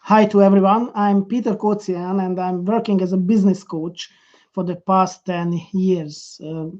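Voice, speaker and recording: A man's voice: high-pitched, fairly even intonation, a little slow, a little mellow, muffled recording. A man with a Hungarian accent, a business coach rehearsing a video introduction to camera, stopping and restarting with many fillers.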